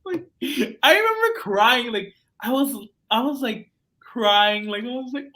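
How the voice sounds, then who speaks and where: A young man hosting a student podcast, telling stories in an excitable, gushing way. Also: very high-pitched, moderate pace. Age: young adult. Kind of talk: casual chat.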